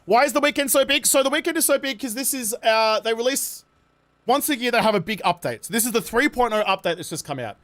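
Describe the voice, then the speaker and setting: A young Australian man chats through a gaming stream in a high voice. He sounds worn out and tired, but keeps up a jokey, self-mocking patter. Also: lively intonation, quick pace, fairly bright tone. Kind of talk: casual live-stream chat.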